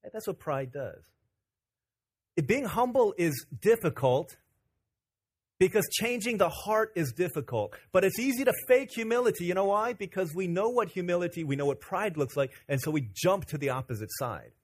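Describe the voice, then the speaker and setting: Animated joking preacher, man. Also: sits high, moderate pace, breathy edge. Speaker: pastor. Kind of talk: sermon.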